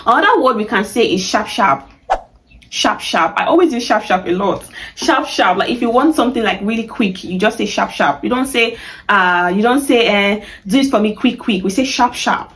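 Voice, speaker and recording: A woman's voice: mid-range voice, lively intonation, moderate pace, a bit bright, poor audio. A young Nigerian woman giving a casual video lesson, chatty and laughing often, acting out sample phrases with playful emphasis. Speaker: language teacher.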